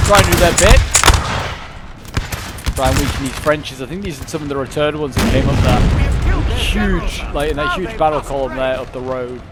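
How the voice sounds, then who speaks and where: A man casually commentating a strategy-game battle, chatty and excitable with lots of fillers. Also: mid-range voice, heavy background noise. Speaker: gameplay commentator. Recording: loud gunfire and artillery from the game. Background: battle sounds, cannon and musket fire.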